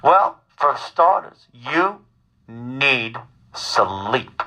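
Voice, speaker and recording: A man voicing an older mother who calmly and slowly insists, worried about her son. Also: medium pitch, pitched below the performer's own voice, heavily acted, low-quality recording. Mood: calmly nagging. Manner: slow, deliberate, calmly insistent.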